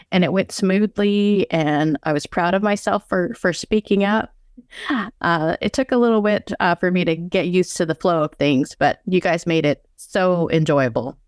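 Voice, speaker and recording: On a casual podcast chat, a female co-host talks sincerely and gently about personal matters. Her voice sits lowish with a clean tone, and the studio recording is clean with no room sound.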